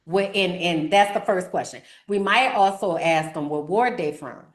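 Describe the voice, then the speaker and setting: A woman's voice: lowish voice, normal speed. Chatty New Orleans woman in echoey room. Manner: chatty, teasing, addresses the chat directly. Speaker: podcast host. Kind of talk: casual livestream explainer.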